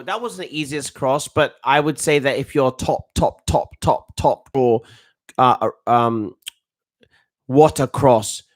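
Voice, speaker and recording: Excitable man reacting to football. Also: on the high side. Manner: excitable, rambling, with frequent restarts and slang like "bruv". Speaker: football coach and live match reaction streamer. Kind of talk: casual live match reaction and commentary.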